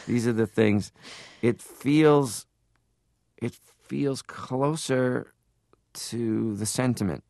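A man from Canada, a comedian guest, talking casually and at length in an interview, animated, stopping to laugh. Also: medium pitch, drawn-out words, creaky, no room sound, studio quality. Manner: rambling, animated, stops to laugh.

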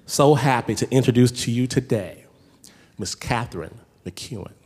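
A man's voice: mid-range voice, moderate pace, crowd noise. A man gives a heartfelt introduction for the next speaker, his mid-range voice sounding distant. The long reverb of a big hall trails after each phrase. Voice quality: proud, heartfelt. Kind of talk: stage introduction.

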